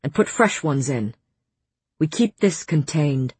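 A woman's voice: low-pitched, expressive, slow, a little mellow, husky, dry recording, exaggerated voice. A woman narrating an audiobook voices a furious fae lord who gives clipped orders. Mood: commanding.

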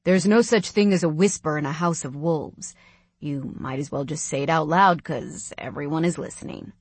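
A woman voicing an amused young man who teases in a slow, lower voice in an audiobook story. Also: darkish tone, breathy edge, no echo.

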